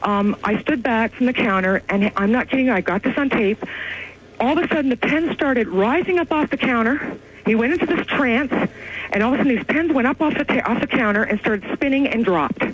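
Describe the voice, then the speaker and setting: A woman calling in to a radio show, telling a story in a breathless, excited way. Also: on the high side, fairly quick, slightly rough. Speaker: caller. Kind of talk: phone-in call to a radio show. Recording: dull lo-fi phone line.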